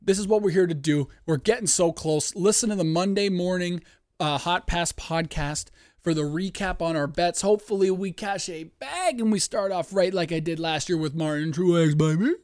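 A man hosting a sports-betting podcast from home, hyped and profane, breaking into yelling on a close mic. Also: sits high, normal speed, no room sound. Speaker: podcast host. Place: home studio, dogs nearby.

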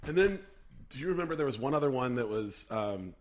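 A man's voice: mid-range voice, brisk. A man co-hosting a podcast in casual chat, rambling animatedly with lots of "like"s. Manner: animated, rambling storyteller with many "like"s. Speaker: podcast co-host.

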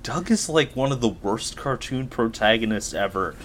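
A man co-hosting a casual podcast who makes sarcastic, deadpan jabs. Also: mid-range voice, moderate pace, a little hiss or hum. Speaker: podcast co-host.

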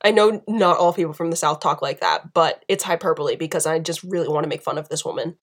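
A woman's voice: deep voice, fast, breathy edge. An American woman ranting through a political opinion monologue for her channel. She talks with strong, emphatic conviction, stacking up lists and repeated phrases to hammer her points home. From United States. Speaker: political commentator.

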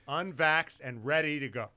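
A man co-hosting a podcast in casual chat, excitable, laughing often and swearing freely. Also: fairly high pitch, measured pace. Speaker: podcast co-host.

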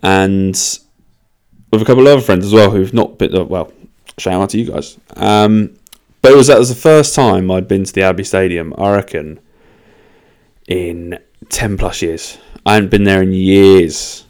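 A man's voice: sits low, normal speed, a little mellow. A young man hosting his own podcast, talking in a loose, rambling, sweary way and poking fun at himself. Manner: loose, sweary and self-mocking. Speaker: podcast host. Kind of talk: casual rambling monologue.

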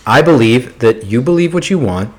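A man hosting a casual podcast chat, animated and opinionated, swearing freely. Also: medium pitch, moderate pace. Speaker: podcast host.

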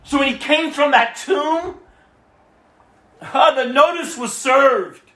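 A man preaching a sermon, swinging between hushed near-whispers and loud bursts and addressing listeners by name. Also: very high-pitched, slow pace, reverberant, poor audio. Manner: talks straight to listeners by name.

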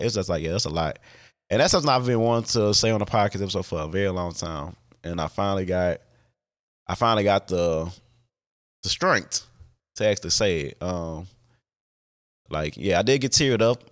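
A man hosting a podcast, talking alone in a casual, candid way, with many fillers and restarts and casual swearing. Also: sits low. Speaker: podcast host.

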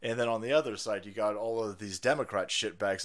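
A man's voice: fairly low pitch, fairly quick, slight background noise. A man hosting a livestream, ranting through profane political commentary and laughing often. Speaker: livestream host.

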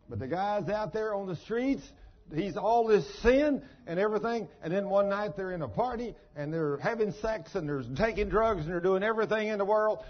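A man's voice: high voice, lively intonation, moderate pace, muffled recording. A man preaching a sermon in a folksy, emphatic storytelling manner.

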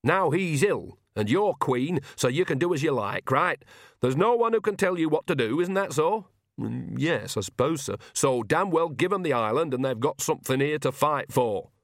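A man's voice: fairly high pitch, animated, moderate pace, no echo, studio quality, voice pushed up. A man voicing an earthy, shameless old witch woman who talks in a blunt, bawdy, down-to-earth way, in an audiobook reading.

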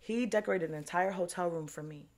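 A woman co-hosting a casual podcast chat, telling stories loudly and animatedly with heavy slang and swearing. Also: on the low side, fast, background noise.

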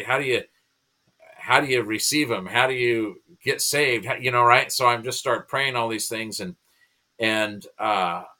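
A man, a pastor and comedian, telling his personal conversion story as a podcast guest, earnest and emotional. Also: mid-range voice. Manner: earnest, emotional, animated retelling.

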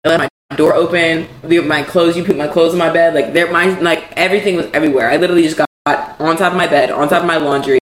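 Young woman, casual podcast chat, animated storytelling, faint background noise. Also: sits low, fast, hardly any pauses, reverberant. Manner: candid, swears freely, animated storytelling. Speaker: podcast co-host.

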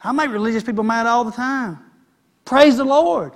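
A man's voice: very high voice, moderate pace. A man preaching a sermon in a folksy, conversational way.

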